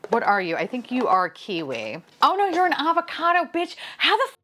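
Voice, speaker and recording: A woman's voice: fairly high pitch, sing-song, brisk, sharp tone, a little hiss or hum. A woman chatting playfully as she unboxes toys on camera, swearing, laughing and dropping to whispers. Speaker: vlogger unboxing blind boxes. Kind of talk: casual unboxing chat.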